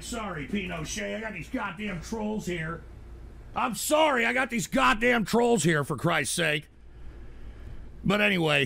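Brief: high, gravelly male host, profane ranter, yells at trolls, dry close sound. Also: dry recording. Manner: ranting, swearing, shouting at trolls. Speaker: political talk show host. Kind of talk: angry livestream rant.

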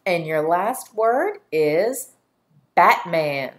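Slow, deliberate woman teaching phonics. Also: on the low side, animated. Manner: slow, deliberate, segments sounds for young learners. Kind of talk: phonics dictation lesson.

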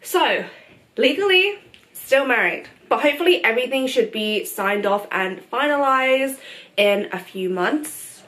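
A woman's voice: sits high, expressive, measured pace, a bit bright. A young woman vlogging a casual life update to her viewers, chatty and open, with many fillers and frequent laughs. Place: at home.

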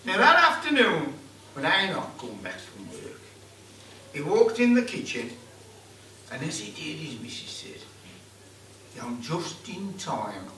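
A male Black Country storyteller performing live in a folk club, with broad dialect and lots of character. His voice is high and bright with lively pitch swings. He is picked up from a far mic in an echoey room. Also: measured pace, pauses often, slight background noise.

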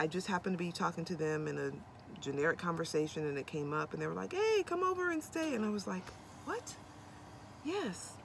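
A woman's voice: low voice, vocal fry, fairly bright tone, a little hiss or hum. A young adult woman chatting casually to camera from inside her van, bubbly and corny, rambling with lots of ums. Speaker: vlogger. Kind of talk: casual vlog chat to camera.

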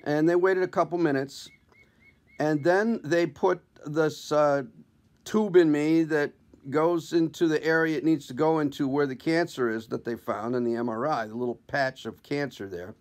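A man's voice: on the high side, normal speed. Wry man telling a comic story. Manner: wry, conversational, self-deprecating. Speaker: comedian. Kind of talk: comic personal storytelling to camera.

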